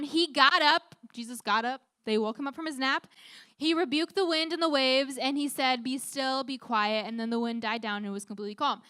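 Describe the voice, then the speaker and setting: A woman's voice: fairly high pitch, sharp tone, smooth, no room sound, studio quality. A young woman leading a youth group Bible talk, upbeat, often putting questions to the teens. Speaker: youth leader.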